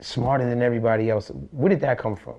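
A man's voice: mid-range voice, steady tone, quick pace. A man hosting a podcast who asks his guest loose, conversational questions. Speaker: podcast host. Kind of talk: interview questions. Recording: dull lo-fi sound.

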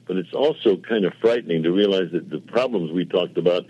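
Older man, low voice, husky, rambling anecdotes, dull lo-fi radio sound. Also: a little fast, dark tone. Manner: rambling anecdotes with quoted dialogue and self-mocking asides. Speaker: television producer, guest. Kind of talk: casual interview storytelling.

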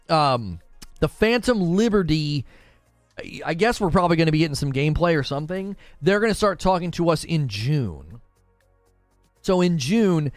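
Lively-pitched man chatting about games. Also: no room sound. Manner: rambling, conversational, answers chat questions. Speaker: gaming news host. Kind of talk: casual chat.

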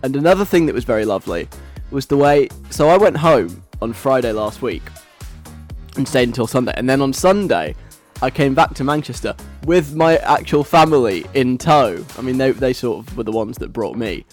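A man's voice: mid-range voice, lively intonation, moderate pace, faint music behind. A young man DJing on the radio, chatting casually in a giggly, rambling way.

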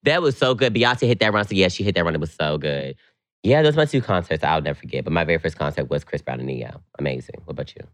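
A man co-hosting a podcast, telling stories in casual, slangy chat and jumping up in pitch when excited. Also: fast, no room sound. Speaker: podcast co-host.

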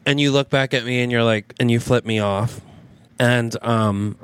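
A man co-hosting a comedy podcast, improvising a romance plot and quickly slipping into quoted lines. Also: medium pitch, clean tone, no echo. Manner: narrates a scene and quickly switches into quoted voices. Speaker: podcast co-host.

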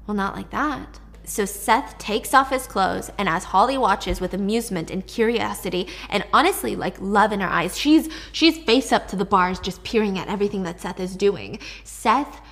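A woman narrating a dark story in a chatty, casual retelling with wry asides. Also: medium pitch, normal speed, few pauses.

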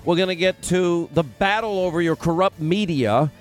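A man's voice: high voice, moderate pace, faint music behind. Rambling middle-aged male radio host. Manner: rambling, self-interrupting storyteller. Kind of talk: casual on-air banter.

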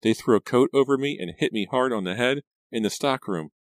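A man's voice: medium pitch, brisk, no room sound, pitched above the performer's own voice, lightly acted. A man voicing a frightened, shaky teenage girl in an audiobook, stammering and fretful. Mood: tearful.

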